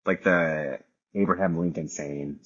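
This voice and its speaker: A man's voice: deep voice, steady tone, a little slow, a bit bright, husky, muffled recording. A young man telling stories in a laid-back casual chat, saying dude a lot and acting out voices. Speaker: podcast guest.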